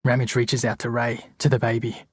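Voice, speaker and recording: A man narrating an audiobook in a steady, measured way. His voice is husky, and the recording is dry. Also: medium pitch, no echo. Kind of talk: scripted narration.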